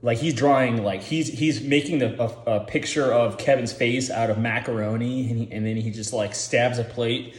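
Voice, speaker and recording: A man's voice: medium pitch, steady tone, moderate pace, few pauses, roomy sound. A man giving rambling, profane casual commentary, full of filler words, as the host.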